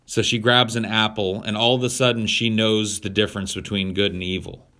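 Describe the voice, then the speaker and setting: A man's voice: on the low side, level tone, a little fast, sharp tone. A man co-hosting a podcast, chatting casually in a profane, irreverent, rambling way with many fillers. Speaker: podcast co-host. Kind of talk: casual chat.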